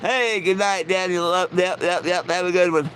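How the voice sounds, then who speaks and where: A man's voice: sits high, steady tone, moderate pace, fairly bright tone, a little hiss or hum, poor audio. A man hosting a live stream, telling jokes in a folksy, rambling way with lots of "you know". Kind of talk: casual joke telling.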